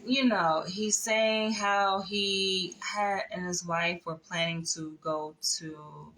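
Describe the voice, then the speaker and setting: A woman's voice: lowish voice, slight background noise, low-quality recording. A woman casually telling a personal story, chatty, with laughs, asides and the odd whisper. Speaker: vlogger.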